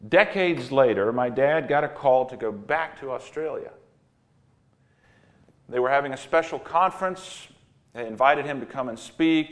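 A male pastor delivers a sermon in a mid-range voice, moving between quiet reflection and emphatic repetition. His storytelling is earnest and steady. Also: medium pitch.

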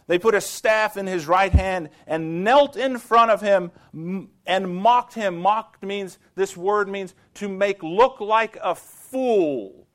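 A man preaching a sermon with a fairly high voice. He talks slowly and deliberately, with dramatic swings between loud declarations and near-hushed lines. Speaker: pastor.

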